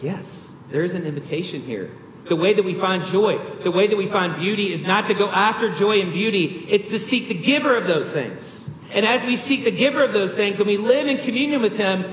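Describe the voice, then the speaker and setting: A man's voice: high-pitched, fairly bright tone, roomy sound, in a large hall, a little hiss or hum, poor audio. A man preaching a sermon as a pastor, earnest and emphatic, with rhetorical questions.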